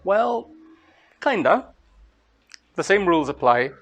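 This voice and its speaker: A man from Scotland with a Scottish accent, giving a master class to students in an unhurried, explanatory way with thoughtful pauses. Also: sits high, big pitch swings, a bit bright, highs cut off. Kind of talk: lecture to students.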